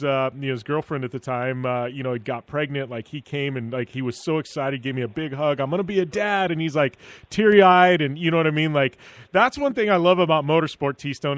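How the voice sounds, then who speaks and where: A man's voice: fairly high pitch, no room sound. A man hosting a motorsport radio show, casually telling stories and chatting with a guest. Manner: chatty anecdotal storyteller. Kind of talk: casual chat.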